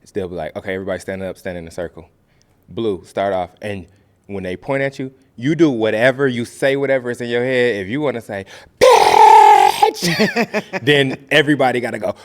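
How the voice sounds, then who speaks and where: A man from the American Midwest speaks in a somewhat low voice as a podcast guest. He tells his story loosely and casually. He keeps jumping into the voices of the people he quotes. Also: fast. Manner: animated, acts out quoted voices.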